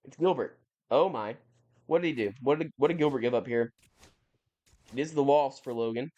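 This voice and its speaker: A man's voice: mid-range voice, moderate pace, warm tone, muffled recording. A young man giving casual, rambling commentary over a video game, often correcting himself and sounding mildly exasperated. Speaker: gaming YouTuber.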